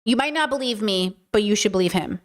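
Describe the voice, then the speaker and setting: A woman who streams and hosts a podcast runs a casual livestream, ranting heatedly and bluntly with frequent swearing while answering questions from chat. Her medium-pitched voice is expressive and fairly quick.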